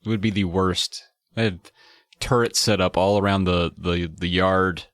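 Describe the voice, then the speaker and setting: A man's voice: low-pitched, fairly even intonation, moderate pace, a bit bright, dry recording, studio quality. A man hosting a podcast, chatting casually and reading book passages aloud with enthusiastic comments. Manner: enthusiastic, swearing, reads passages.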